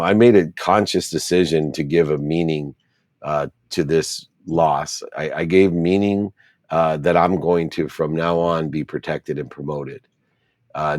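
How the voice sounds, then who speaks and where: Deep-voiced man telling his story earnestly. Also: a little mellow, no echo. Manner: earnest, repeats words for emphasis. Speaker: interview guest. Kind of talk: reflective storytelling in an interview.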